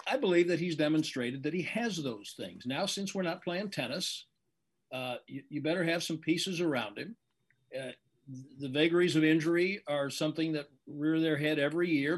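Veteran male sports announcer, older, breathy edge to a raised voice, analytical interview guest. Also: on the high side. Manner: measured, analytical, emphatic.

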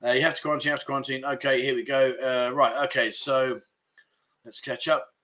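A man's voice: mid-range voice, flat delivery, brisk, sharp tone. A man hosting a casual livestream chat, reading out viewer comments and chatting about them. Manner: chatty, reads out chat comments, frequent fillers. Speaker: livestream host.

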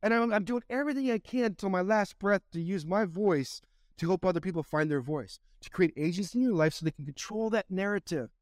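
Impassioned man with a high voice. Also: fairly quick, dry recording, studio quality. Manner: impassioned, repetitive, preacher-like delivery. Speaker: podcast guest, former baseball player. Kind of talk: motivational interview answer.

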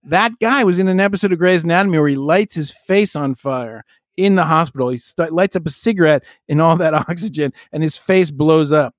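A man's voice: a little high, a little fast, no room sound, clean studio sound. A middle-aged man co-hosting a podcast in casual chat, joking and exaggerating for fun. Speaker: podcast co-host.

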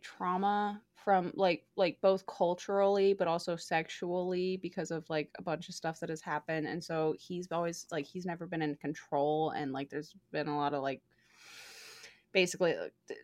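A woman's voice: on the low side, moderate pace, dry recording. A young woman chatting casually as a podcast co-host, gushing and swearing freely with lots of fillers. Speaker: podcast co-host reviewing a book. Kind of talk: casual chat.

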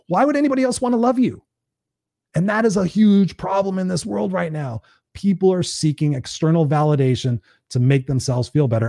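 A man's voice: a little high, dark tone, dry recording, clean studio sound. A man hosting a live stream, giving a blunt, preachy motivational talk in a casual, conversational way and swearing freely.

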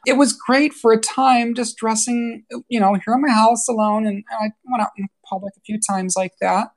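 A woman's voice: on the high side, fairly even intonation, normal speed. A woman from New York, a podcast guest, telling her personal story candidly and earnestly, with frequent restarts.

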